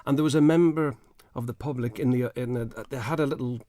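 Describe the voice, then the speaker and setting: A man's voice: mid-range voice, fast talker, mellow. Man telling stories. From Ireland. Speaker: musician guest. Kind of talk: relaxed anecdotal storytelling. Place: radio studio.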